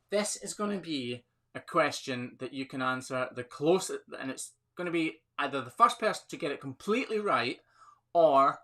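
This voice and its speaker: A man's voice: mid-range voice, pushed and bright. A man with a Scottish accent hosting a casual live Q&A on his phone, chatty and upbeat, laughing often as he reads viewer comments. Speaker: livestream host, hoof trimmer.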